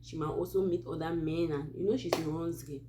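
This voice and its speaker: Speaking quickly in a low voice over a noisy background, this Cameroonian host of a Christian advice channel recounts a true story. Her Cameroonian English delivery is casual and animated, with plenty of asides.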